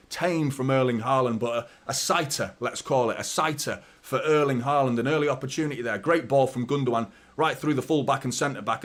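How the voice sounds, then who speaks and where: A man hosting a football watchalong talks through the match in a chatty, rambling way, his accent a light Mancunian that mostly sounds neutral. His voice sits at an ordinary middle pitch for a man, and it leaps up when a chance comes. He mixes play-by-play with casual asides to viewers. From Manchester, England. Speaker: fan watchalong host. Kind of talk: live match commentary and casual chat.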